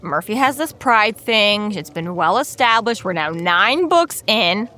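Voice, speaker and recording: A woman's voice: mid-range voice, expressive, a little slow, pushed and bright. A woman in a casual book podcast chat, teasing and sarcastic in her remarks.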